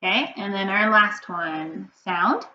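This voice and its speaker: A woman teacher leading a phonics reading lesson for young children, prompting slowly and patiently, sound by sound. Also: medium pitch, lively intonation, bright, forceful tone. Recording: dull, slightly noisy, roomy sound.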